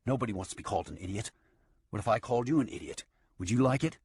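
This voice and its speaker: A man's voice: lowish voice, lively intonation, very fast, darkish tone, breathy edge. A man voicing a rattled, nervous gambler who keeps protesting in a jittery way, in an audiobook.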